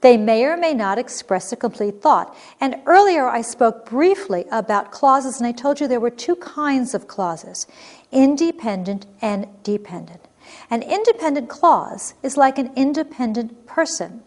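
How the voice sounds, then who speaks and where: Lively, expressive woman teaching grammar. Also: a little high, measured pace. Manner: clear, expressive reading of example sentences. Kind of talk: recorded grammar lesson.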